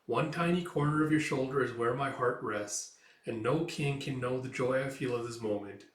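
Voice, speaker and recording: A man's voice: mid-range voice, moderate pace, lightly acted. A man voicing an affectionate, well-off husband who talks in a tender, courtly way. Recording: roomy echo, mic far off.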